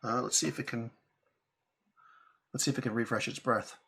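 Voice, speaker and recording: A young man acts as game master for a tabletop game, narrating the scene in a loose, wandering style, often restarting sentences and letting out quick laughs. His voice is mid-pitched for a man, with a steady tone, vocal fry, and a pushed, bright quality.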